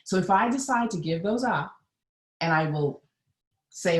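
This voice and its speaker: A woman's voice: sits low, animated, unhurried, reverberant. Earnest woman coaching viewers live. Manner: emphatic, earnest, addresses viewers directly. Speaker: mindset coach. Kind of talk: live-stream coaching talk.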